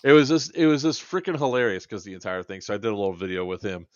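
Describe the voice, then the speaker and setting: A man's voice: on the low side, fast talker, smooth, dry recording, highs cut off. A man co-hosting a podcast, telling a long funny story in a casual chat and quoting people back and forth. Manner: animated anecdote-telling, quoting others in dialogue. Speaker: podcast co-host.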